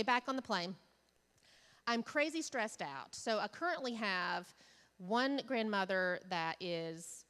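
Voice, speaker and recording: A woman's voice: mid-range voice, fairly bright tone. A woman giving a conference keynote, telling candid, funny stories and asking the audience questions. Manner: candid, humorous storytelling with audience asides. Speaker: keynote speaker. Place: large conference hall. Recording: hall reverb from a stage.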